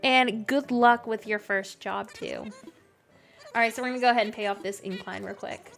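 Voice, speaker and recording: A woman's voice: fairly high pitch, normal speed, vocal fry, a bit bright, soft background music. A chatty woman in her thirties with a mixed Canadian and Southern Louisiana accent, laughing often as she answers viewer comments while playing a game. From Canada, near Vancouver. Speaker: gaming content creator.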